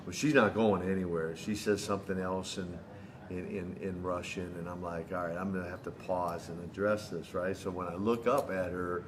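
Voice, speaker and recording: Man in his sixties, low voice, relaxed storyteller, interview guest. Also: moderate pace, a crowd in the background. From United States. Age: 60s. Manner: relaxed anecdotal, trails off softly. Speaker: retired wrestler guest.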